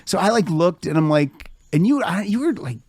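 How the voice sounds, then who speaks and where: A man's voice: high voice, animated, normal speed, darkish tone, husky, dry recording, clean studio sound. A man in his fifties hosting a podcast, telling a story in a chatty way, cursing freely and laughing along. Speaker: podcast host. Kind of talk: casual storytelling chat.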